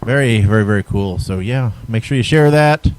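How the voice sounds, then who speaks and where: A man's voice: on the low side, normal speed, darkish tone, a little hiss or hum, poor audio. A man hosting a wrestling podcast, chatting casually and reading out plugs for upcoming shows. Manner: easygoing, chatty, reads show plugs. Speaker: podcast host.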